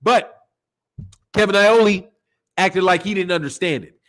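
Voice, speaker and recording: A man hosting a boxing channel, giving animated, profane opinion commentary and acting out quoted voices. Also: sits high, unhurried, low-quality recording. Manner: animated, acts out quoted voices, curses freely.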